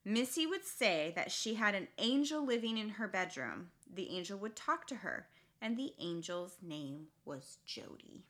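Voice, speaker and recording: A woman in her thirties co-hosting a podcast, telling a story in casual, expressive chat. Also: medium pitch, measured pace. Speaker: podcast co-host.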